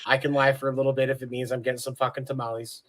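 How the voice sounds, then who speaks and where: A man's voice: medium pitch, flat delivery, rapid-fire. A man co-hosting a sports podcast, talking bluntly and casually with profanity and jokes. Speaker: podcast co-host.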